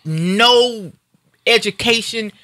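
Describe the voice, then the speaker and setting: A fired-up African American woman holds forth on a live stream, her voice bright and forceful as she drives every point home. She talks casually but with fierce, emphatic anger. The sound is dry and close to the mic. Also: fairly high pitch, extremely slow, no room sound. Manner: angry, fiery, emphatic. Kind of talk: heated casual talk.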